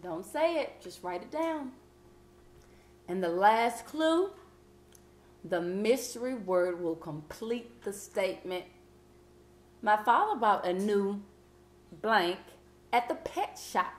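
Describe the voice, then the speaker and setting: A woman teacher leading a vocabulary lesson, patient and encouraging, reading clues out slowly. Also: mid-range voice, very animated, roomy sound. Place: classroom.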